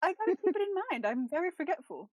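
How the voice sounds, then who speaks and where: A woman's voice: very high-pitched, quick pace, dry recording, clean studio sound. A woman playing a tabletop game over a voice call, teasing the group and laughing a lot. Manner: playful teasing, lively laughs. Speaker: player. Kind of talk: casual chat during a tabletop game. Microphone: home mic on a voice call.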